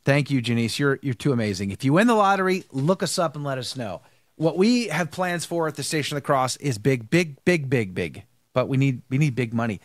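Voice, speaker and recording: Animated, lively-pitched male host. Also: fairly quick, no echo, clean studio sound. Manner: animated, rambling, repeats words. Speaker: show host. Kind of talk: live-stream commentary and chat.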